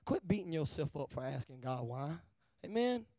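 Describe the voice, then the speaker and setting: A man preaching a sermon, asking the crowd for an amen, swinging from hushed to loud. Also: fairly high pitch, sing-song, moderate pace, no echo. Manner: call-and-response, asking amen often; shifts between hushed and loud.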